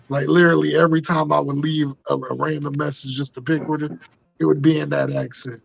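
Gravelly joking male podcast host. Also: on the high side, little pitch movement, quick pace, highs cut off. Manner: joking, teasing. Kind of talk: casual podcast banter.

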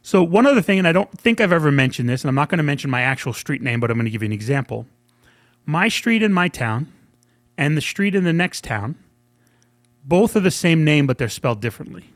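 Guy from new york telling a funny story, bit higher voice, acts out the quotes, dry close mic. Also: quick pace, dry recording. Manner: animated storyteller, acts out quotes, laughs often. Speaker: podcast co-host. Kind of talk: casual storytelling chat.

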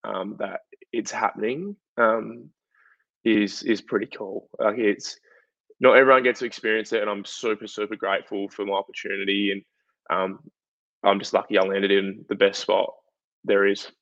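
A young Australian man tells a story in a loose, chatty way, throwing in lots of fillers as he goes. His voice sits a little low. The recording is dull and lo-fi in a dry, dead room. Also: moderate pace, creaky, dry recording. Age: young adult. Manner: chatty, filler-heavy, animated retelling. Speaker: guest footballer. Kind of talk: casual interview storytelling. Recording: dull, dry lo-fi podcast audio.

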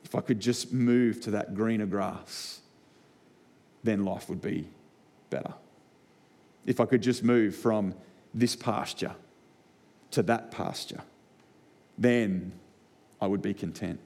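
A man's voice: lowish voice, takes it slowly, pauses often, darkish tone. A man with an Australian accent preaching a sermon to a congregation, telling personal stories and building points through repeated rhetorical lines. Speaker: pastor. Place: church hall before a congregation.

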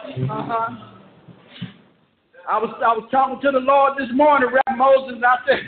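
A man preaching a fervent sermon, repeating phrases and shouting, heard over a conference call. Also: extremely high pitch, flat delivery, normal speed, long pauses. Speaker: pastor. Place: church service. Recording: echoey, tinny conference-call line.

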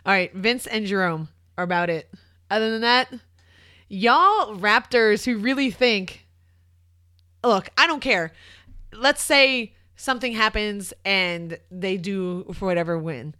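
A woman's voice: mid-range voice, a little slow, bright, forceful tone, no room sound, clean studio sound. A woman co-hosting a casual podcast, blunt and slangy, swearing freely and explaining things like a trainer. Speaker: podcast co-host.

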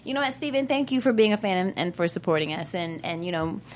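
A woman's voice: fairly low pitch, lively intonation, quick pace, slight background noise. Giggly, teasing woman co-host. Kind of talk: casual chat.

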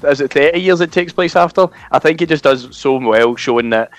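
A man's voice: fairly high pitch, a little fast, background noise. A young man in a casual podcast chat, stubbornly arguing his opinion against the others. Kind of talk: casual banter.

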